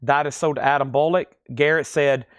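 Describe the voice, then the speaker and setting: A man with a lilting Tennessee accent hosting a live-stream record sale, reading titles, conditions and prices in a steady, easy patter. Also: a little high, a little fast, no room sound. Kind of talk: live-stream auction selling.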